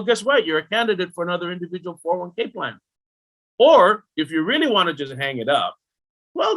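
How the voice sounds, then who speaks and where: Middle-aged man, podcast guest, bright tone, slightly high voice, animated, rhetorical questions. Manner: animated, rhetorical questions, talks directly to the listener. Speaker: retirement planning guest. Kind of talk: podcast interview explanation.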